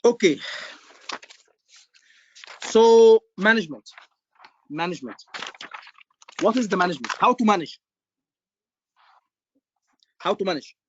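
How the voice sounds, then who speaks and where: High-voiced man quizzing students. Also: lively intonation, measured pace, long pauses, dull audio, a little hiss or hum. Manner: repetitive, quizzing students, emphatic. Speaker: medical exam tutor. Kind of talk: live online lecture.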